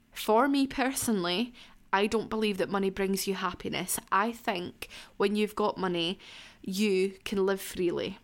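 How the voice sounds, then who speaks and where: A young adult woman chats through listener questions on her own podcast. Her voice sits in the middle of the range. She is candid and heartfelt, and a casual swear word slips in now and then. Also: medium pitch. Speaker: podcast host. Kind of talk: casual solo Q&A podcast chat.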